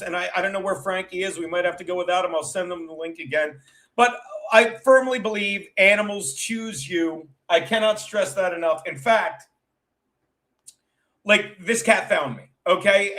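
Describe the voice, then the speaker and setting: A man's voice: high voice, a bit bright. A man hosting a show as a comedian, telling rambling stories in a casual, profane, chatty way. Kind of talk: casual rambling storytelling chat.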